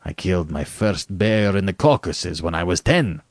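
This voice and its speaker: A man reading a story aloud, voicing a suave, menacing aristocratic male hunter who speaks slowly and with courtly politeness. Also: deep voice, expressive, no echo, clean studio sound. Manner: slow, measured, courtly. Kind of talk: audiobook reading.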